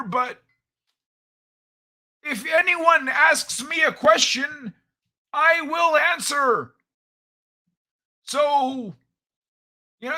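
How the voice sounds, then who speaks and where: A man voicing a loud, cranky old man character on a live stream, grumbling and complaining. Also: very high voice, pitched above the performer's own voice, full character voice. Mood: rambling.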